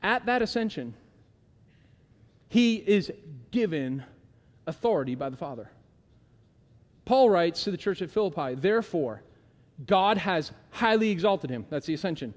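A middle-aged male pastor giving a conversational sermon, emphatic and slowing down on key words, asking the congregation to repeat lines aloud. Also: high voice, lively intonation, a little mellow. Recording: long hall reverb.

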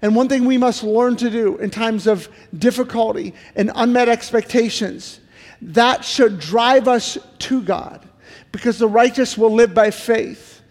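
A man's voice: extremely high pitch, a little slow, big-room sound. A middle-aged male pastor giving an earnest sermon, full of repeated pleading questions. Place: church sanctuary.

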